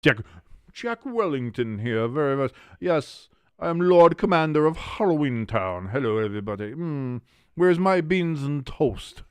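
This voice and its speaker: A man voicing a pompous British lord of a spooky town in a clumsy mock British accent, with a stately, drawn-out delivery. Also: on the high side, very animated, clear, resonant tone, no echo, clean studio sound, pitched above the performer's own voice.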